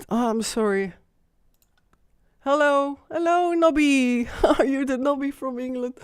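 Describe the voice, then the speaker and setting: A woman's voice: high-pitched, no room sound, clean studio sound. A woman hosting an emotional live-stream monologue, shaken and insistent, often repeating herself.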